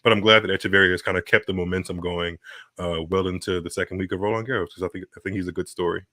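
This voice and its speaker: Low, bright-toned man in casual tennis talk. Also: steady tone, rapid-fire, no echo. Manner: rambling, restarts, laughs often. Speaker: podcast co-host.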